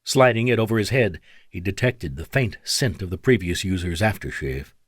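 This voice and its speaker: A man's voice: deep voice, lively intonation, moderate pace, slightly rough, dry recording. A man narrating an audiobook in dramatic, scripted storytelling on a close studio mic.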